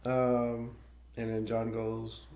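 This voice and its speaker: A man's voice: mid-range voice, completely flat delivery, drawn-out words, dark tone. A man casually retelling a film's plot as a movie reviewer, rambling and laughing between points. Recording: echoey room.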